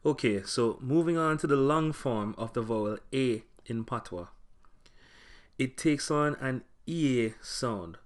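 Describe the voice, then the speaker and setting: A man narrating a scripted language lesson, speaking clearly and slowing down to spell out example words. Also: medium pitch, lively intonation. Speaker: language teacher.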